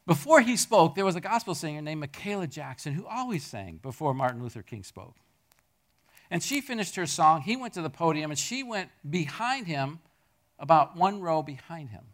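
A middle-aged man preaching a sermon to his congregation. He tells stories in an animated way, jumping from loud peaks to near-murmurs. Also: on the high side, normal speed. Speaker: pastor. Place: church hall with a congregation.

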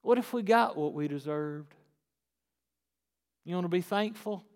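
High, resonant preaching man in a hall. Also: a little slow. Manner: preaching with dramatic swings from hushed to shouting. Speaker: pastor. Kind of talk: sermon. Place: church sanctuary. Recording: echoey church hall.

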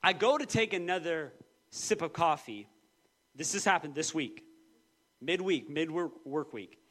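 A man in his thirties preaching a sermon, telling personal stories with lively, acted-out quotes. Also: a little slow. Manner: animated storytelling, quoting voices with big pitch jumps. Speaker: pastor.

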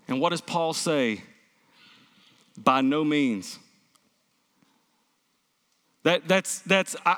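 A man's voice: fairly high pitch, fairly bright tone, big-room sound. A male pastor preaching a sermon, emphatic, asking the congregation rhetorical questions and answering them himself.

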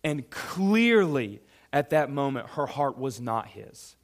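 A man preaching a sermon, emphatic and animated, speaking directly to a young congregation. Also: mid-range voice, measured pace. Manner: addresses a youth audience directly. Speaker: pastor.

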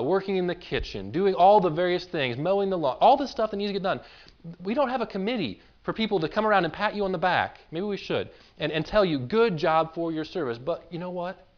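A man's voice: high voice, very animated, brisk, dull audio. A man pastoring a church, preaching a conversational sermon in an earnest, informal way and often repeating words as he builds a point.

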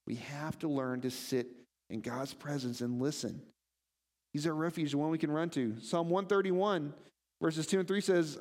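A man preaching a sermon as pastor, animated and often asking his listeners questions. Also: on the high side, long reverb tail. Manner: animated, asks the congregation questions.

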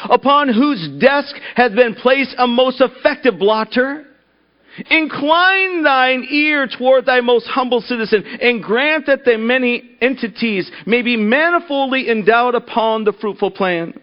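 A man voicing a stout, pompous man in a tuxedo who speaks in loud, archaic, flowery phrases. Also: very high-pitched, a little slow, pitched above the performer's own voice. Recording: dull lo-fi recording.

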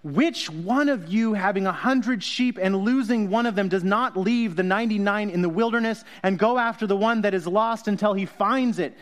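A man with a high voice preaches in a loose, chatty way. He jokes with his listeners, laughs at his own asides, and corrects himself mid-sentence. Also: normal speed, few pauses. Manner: jokey, self-correcting, laughs often. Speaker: pastor. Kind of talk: conversational sermon.

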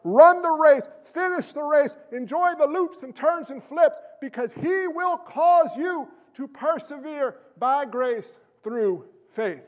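A pastor preaching a sermon, animated and jokey, bursting into shouted emphasis. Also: male voice, very high voice, slow, few pauses, big-room sound.

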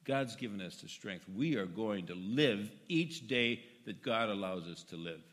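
Older guy w a deep low voice telling his story to the church, earnest, gets real quiet then loud, echoey hall. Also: animated, measured pace. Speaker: church member speaking to his congregation. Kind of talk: personal testimony. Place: church sanctuary.

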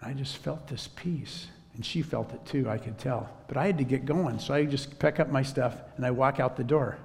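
A man preaching a sermon as a story, in a relaxed conversational way. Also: mid-range voice, brisk, in a large hall. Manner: conversational, drops to a whisper when quoting himself.

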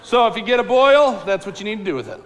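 A man telling a Bible story to a group in a casual, animated, slangy way, asking the listeners questions directly. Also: sits high, fast, big-room sound, some chatter behind, slight background noise.

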